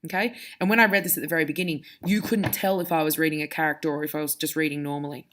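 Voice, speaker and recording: Low and steady yet a bit bright, this teacher's voice moves at a rapid-fire clip. She patiently walks pupils through a reading lesson, modeling sounds with her own voice, and her conversational delivery has the odd restart while she searches for examples.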